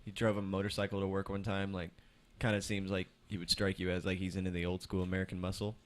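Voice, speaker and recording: Young male co-host, low-ish voice, animated storyteller who acts out quotes and curses casually. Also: fast. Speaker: podcast co-host. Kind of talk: casual chat among friends.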